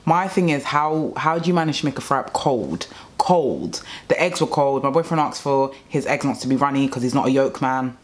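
A woman's voice: rumbling low, lively intonation, moderate pace, few pauses. A young woman telling a rambling, exasperated story about a bad restaurant meal in a casual vlog. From England. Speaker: vlogger.

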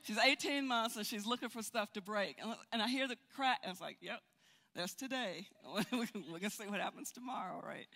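An older woman teaching a Bible study, telling stories in an animated way and often repeating words. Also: medium pitch, fairly quick. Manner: animated, storytelling with frequent repeats. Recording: hall reverb.

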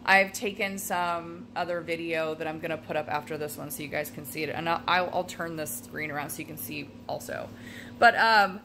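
A woman's voice: sits low, normal speed. Swearing, venting woman vlogger. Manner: swears a lot, vents frustration. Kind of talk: casual storytime vlog.

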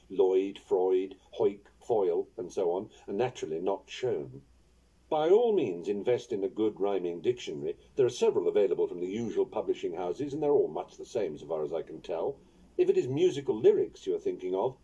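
A man reading his own instructional book on poetry aloud in a wry, playful, unhurried way. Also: fairly low pitch, warm tone, breathy edge, dull audio. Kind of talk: audiobook narration of an instructional book.

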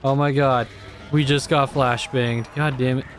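A man's voice: medium pitch, fairly even intonation, unhurried, soft background music. A young man commenting on his own gameplay, exasperated and cursing often as he talks to himself. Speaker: gamer.

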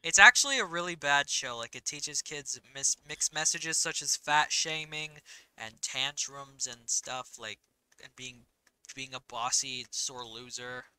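A young woman gaming host rants and rambles with exasperated energy, her voice bright and clear. The sound is dry and close, picked up on a voice chat mic. She sits a touch high in pitch. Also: no echo, poor audio. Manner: rapid, rambling, exasperated ranting. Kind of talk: casual gameplay chat.

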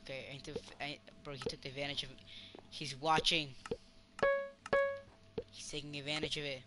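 A man's voice: a little high, moderate pace, over loud music. A man giving casual gameplay commentary, rambling to himself and cheering his teammate on. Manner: excitable, rambling self-talk with cheering. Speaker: gamer.

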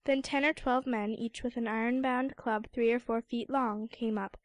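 Casting: woman audiobook narrator, fairly high voice, dry close mic, measured storytelling. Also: a little mellow, no room sound. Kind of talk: scripted narration.

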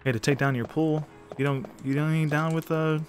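A man's voice: a little high, fairly even intonation, brisk. A man speedrunning a game live, joking and swearing casually while talking straight to his chat. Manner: joking, addresses chat directly, swears freely. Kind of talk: casual live-stream commentary. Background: game music.

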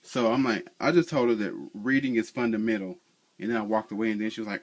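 A man's voice: lowish voice, fairly even intonation, fast. A man vlogging about couponing, telling a store story in a casual, colloquial way and acting out both sides of an argument. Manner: colloquial, chatty, frequent "you know".

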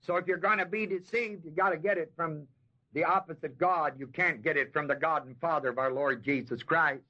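A man teaching Bible verses in a sermon. He talks emphatically, slows down to stress key words and asks the audience questions. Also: fairly high pitch. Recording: dull lo-fi 1970s tape recording.

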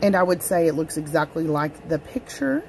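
A woman talks through a casual tea review vlog from her home desk. Her voice sits a little low, and she gushes and chats directly to the people watching. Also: lively intonation, moderate pace, slight background noise. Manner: chatty and gushing, talks straight to viewers. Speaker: tea vlogger.

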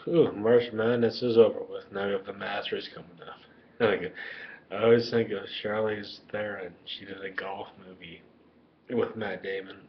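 A man's voice: lowish voice, flat delivery, moderate pace, muffled recording, a little hiss or hum. A man rambling crudely and lovestruck in a webcam monologue at home. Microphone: webcam microphone.

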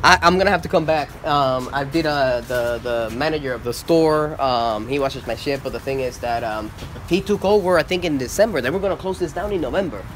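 A man chatting in a casual vlog, rambling and excitable, with lots of fillers. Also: medium pitch, fairly quick, slight background noise. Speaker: vlogger. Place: outdoors and in a car around shops.

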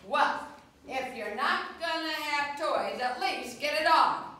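A woman's voice: high voice, slow, sharp tone, pitched above the performer's own voice, heavily acted. A woman quoting a blunt, practical male TV director while telling a story to children. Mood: insistent. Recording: echoey hall from a distant mic.

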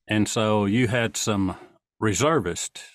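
A man hosting an interview, calmly affirming his guest and prompting the next story. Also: fairly low pitch, slow pace, no room sound, clean studio sound. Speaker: interview host. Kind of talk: interview questions.

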